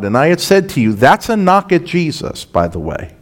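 A man's voice: medium pitch, sing-song, moderate pace, few pauses. A man preaching an expository sermon as a pastor, earnest and emphatic, with rhetorical asides to the congregation.

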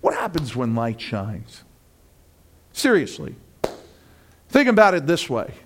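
A male pastor preaching a sermon in an animated way, acting out the voices of friends and building to loud peaks. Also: mid-range voice, takes it slowly, noisy background.

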